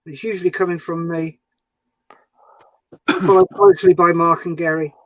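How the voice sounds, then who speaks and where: A man's voice: fairly high pitch, very animated, moderate pace, a bit bright, poor audio. A man hosting a model-building livestream, bantering and teasing his friends on a group call. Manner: teasing, jokey.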